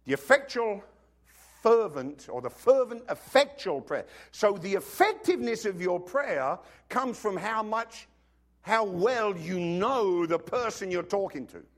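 A man's voice: high-pitched, very animated, unhurried. A man preaching a sermon in a conversational way, acting out little scenes and dropping joking asides to the congregation.

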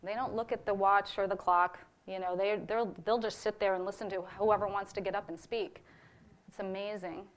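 A woman's voice: medium pitch, steady tone, normal speed. Woman, church member reporting on a ministry trip, heartfelt testimony delivery. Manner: earnest and heartfelt, with fillers. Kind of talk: personal testimony to a congregation.

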